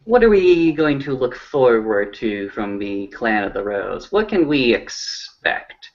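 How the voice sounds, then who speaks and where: A man playing a tabletop role-play game, speaking in character in a formal, measured way. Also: mid-range voice, very animated, muffled recording. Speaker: player.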